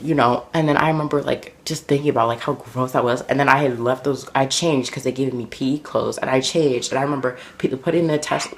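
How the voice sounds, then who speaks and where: A man vlogging, telling embarrassing stories in an animated, dramatic way, full of fillers. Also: mid-range voice, a little hiss or hum. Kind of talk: casual storytelling to camera.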